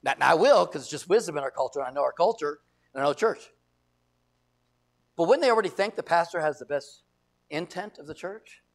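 Preaching as a pastor, a middle-aged American man speaks emphatically in a slightly high voice. He repeats phrases and acts out the voices of people he quotes.

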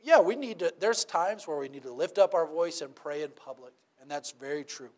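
A man's voice: on the high side, expressive, brisk. A man preaching a sermon in a conversational way, often asking "right?" and acting out little quotes.

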